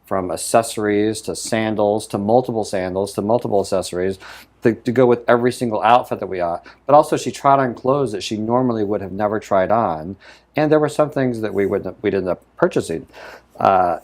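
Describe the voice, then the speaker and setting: Low-voiced man telling a personal story. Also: fairly quick, a little mellow. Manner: reflective storyteller, acts out quoted dialogue. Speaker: show co-host. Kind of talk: casual conversation.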